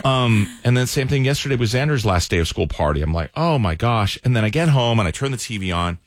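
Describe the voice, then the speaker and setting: A man's voice: medium pitch, lively intonation, fast, no room sound, studio quality. A man in his twenties telling an emotional story in casual radio chat. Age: 20s. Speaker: radio show host.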